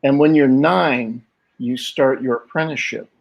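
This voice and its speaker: An older man being interviewed, telling stories in a lively way, acting out the voices of the people in them and laughing often. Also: medium pitch, moderate pace, creaky, dull audio. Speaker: guest artist. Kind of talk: conversational interview storytelling.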